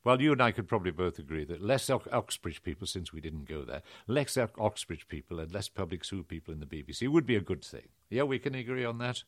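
Lower-voiced man hosting, opinionated. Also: lively intonation, dry recording, clean studio sound. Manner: brisk, opinionated, swings in pitch. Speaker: host. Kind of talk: conversational interview.

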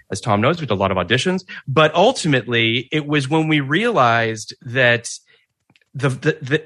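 Bright, animated man on a dry mic. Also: mid-range voice, dry recording. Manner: animated, rambling with restarts. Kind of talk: casual podcast chat.

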